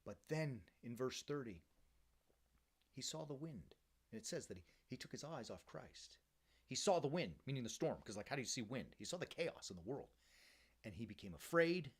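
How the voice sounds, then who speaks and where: A male priest giving a sermon in an energetic, conversational way, keeps checking in with "right?" and drops casual slang. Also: mid-range voice, moderate pace, long pauses, breathy edge. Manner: uses casual slang like "bro" and "baby".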